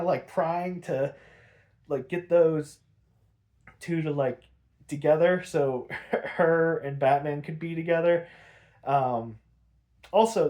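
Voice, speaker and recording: A man's voice: a little high, a little mellow. A man hosting a podcast, recapping an episode in a rambling, profane, casual way, full of "like".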